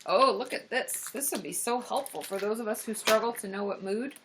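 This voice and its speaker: A woman therapist hosting a casual livestream, excitable and gushing, full of gasps and exclamations. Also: on the high side, fairly quick, noisy background. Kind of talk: casual live-stream chat.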